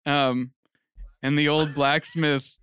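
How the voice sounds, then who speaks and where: Young man spinning a comedy movie pitch, higher voice, smooth and dry, acts out bits. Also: takes it slowly, dry recording. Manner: animated storytelling, acts out quotes. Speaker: podcast co-host.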